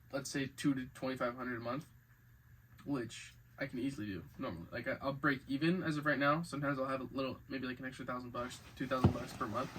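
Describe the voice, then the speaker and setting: A man's voice: medium pitch, a bit bright, slight background noise, rough recording. A young man under twenty talking casually and rambling through a personal monologue, full of filler words. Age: under 20s. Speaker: vlogger.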